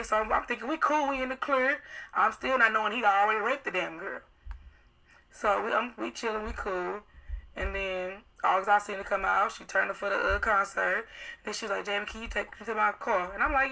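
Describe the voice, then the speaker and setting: A woman's voice: mid-range voice, vocal fry, pushed and bright, low-quality recording. A young woman casually retelling events on a live video, swearing often and acting out what others said. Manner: profane, rapid storytelling acting out quoted dialogue. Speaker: witness telling her account.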